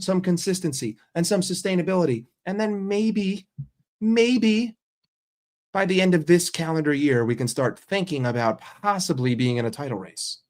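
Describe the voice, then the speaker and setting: An American man ranting as a football fan vlogger, emphatic and profane. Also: sits high. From United States.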